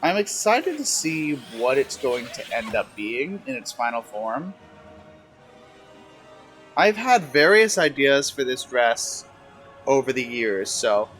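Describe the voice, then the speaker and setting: A man chats his way through a game from his bedroom, sassy and teasing. His pitch swings widely while the words come slow and drawn out. Faint music plays underneath. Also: a bit bright. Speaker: streamer. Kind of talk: casual gameplay commentary. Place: at home in his room.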